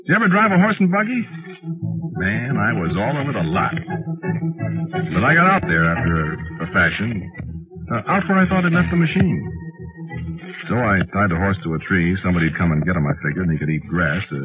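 An actor playing a flustered, folksy young time traveler who tells his story haltingly in an old radio drama. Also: low-pitched, sing-song. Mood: rambling. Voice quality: folksy, halting, full of uhs and gee. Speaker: time traveler narrating his own tale. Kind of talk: 1940s radio acting. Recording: tinny old radio broadcast with music.

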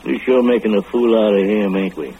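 An actor playing a hateful, scheming rural man with rough country dialect, in 1940s radio style. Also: on the low side, fairly even intonation, fairly quick, slight background noise, natural voice. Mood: scornful. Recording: tinny old radio broadcast.

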